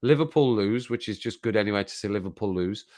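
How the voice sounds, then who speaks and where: A British man with a fairly low voice chats casually on a live stream from home. He rambles, laughs a lot and repeats his phrases as he talks. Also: quick pace, darkish tone. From Britain. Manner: chatty, rambling, laughs often, repeats himself. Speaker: YouTube channel host. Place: home, sitting at desk.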